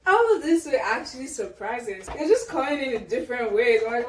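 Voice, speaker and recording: A woman's voice: on the high side, brisk. Gushing young woman, roomy and distant. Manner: gushing, excited, exclaims often. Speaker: vlogger. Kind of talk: casual unboxing chat. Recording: roomy echo, distant mic, faint noise.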